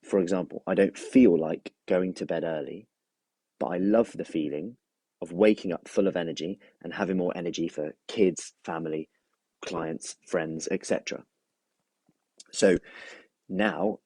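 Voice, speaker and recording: Man, personal trainer, live-stream coaching chat, very low voice, husky tone. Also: warm tone, no room sound. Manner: chatty, greets viewers by name while explaining.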